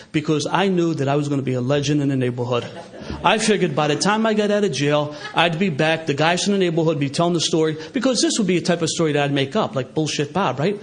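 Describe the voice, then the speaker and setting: Speaking to a live audience in a meeting hall, this middle-aged Philadelphian shares stories as an AA speaker, lively and laughing throughout. His voice falls on the higher side.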